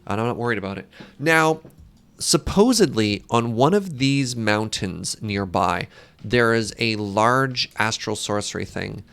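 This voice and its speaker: Gravelly-voiced man streaming with chat. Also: lowish voice, expressive, unhurried, fairly bright tone. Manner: joking, self-deprecating, chats with viewers. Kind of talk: casual live-stream chat while gaming.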